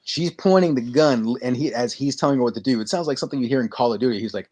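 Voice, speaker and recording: A man co-hosting a casual podcast, telling stories with lively energy and acting out lines in quick bursts. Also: mid-range voice. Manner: animated storytelling, acting out movie lines. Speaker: podcast co-host. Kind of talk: casual chat.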